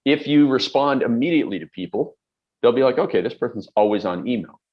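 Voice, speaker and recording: A man's voice: mid-range voice, lively intonation, a little fast, highs cut off. A middle-aged man coaching on productivity, talking bluntly and emphatically with everyday examples. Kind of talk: direct-to-camera advice talk.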